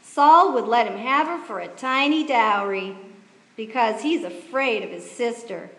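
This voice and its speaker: High-voiced woman narrating in a church. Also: a little slow. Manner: lively, folksy storyteller. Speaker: pageant narrator. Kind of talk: storytelling narration. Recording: echoey church hall, reverb.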